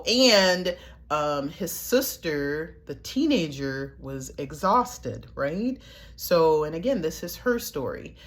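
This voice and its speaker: A middle-aged woman, telling foster parenting stories in a casual way to her viewers, laughing often and acting out what people said. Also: low voice. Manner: chatty, laughs often, acts out quotes.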